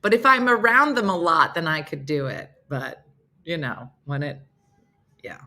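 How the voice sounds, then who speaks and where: A woman's voice: low-pitched, sing-song, moderate pace, pushed and bright. A woman hosting a casual morning show from New Jersey, chatting in a rambling way and laughing often. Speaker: host.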